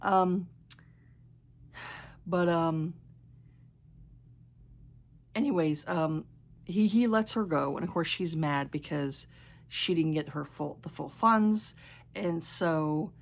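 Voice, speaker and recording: A woman's voice: fairly low pitch, slow, long pauses. A woman vlogger casually recapping a romance novel, rambling with many fillers and restarts, and sometimes stumbling over words. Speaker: book vlogger.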